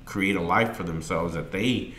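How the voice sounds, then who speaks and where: Telling a frank story from his own life, a middle-aged podcast host speaks earnestly and emotionally, becoming louder and more animated along the way. His voice is low, his speed normal, and there is a little hiss or hum in the background.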